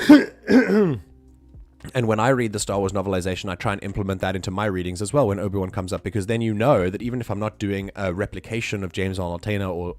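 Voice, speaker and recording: A man's voice: on the low side, a little mellow. A man chatting casually on a live stream, rambling with many restarts and fillers.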